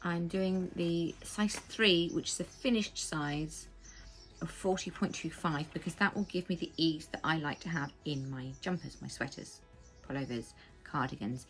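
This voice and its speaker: An English woman chatting casually as the host of a knitting podcast, rambling with quick asides. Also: deep voice, faint music behind. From England. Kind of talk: casual chat. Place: home.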